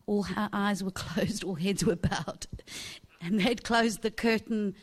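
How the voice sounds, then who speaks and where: A woman's voice: medium pitch, a little slow, breathy edge. A woman preaching a sermon, telling a personal story animatedly and laughing often.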